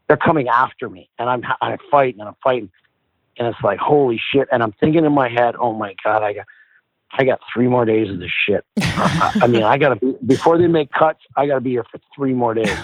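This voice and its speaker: A man's voice: medium pitch, no echo. A middle-aged man and former hockey player, casually telling stories as a guest, swearing freely and acting out the people he quotes. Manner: animated, profane, acts out quoted people. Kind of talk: casual storytelling. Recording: phone-like dry line.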